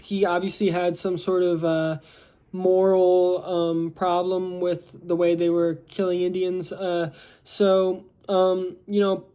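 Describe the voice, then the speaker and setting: A man's voice: high-pitched, monotone, slow pace, mellow, clean tone. A young American man recapping a movie plot in a casual, rambling way, full of fillers and restarts. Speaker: movie reviewer.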